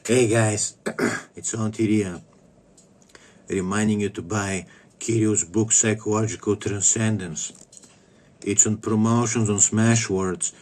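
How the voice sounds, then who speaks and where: A man's voice: on the low side, steady tone, slow, pauses often, a little mellow. A man putting on a childish, cartoonish impression of a woman, whiny and profane. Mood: mocking whine.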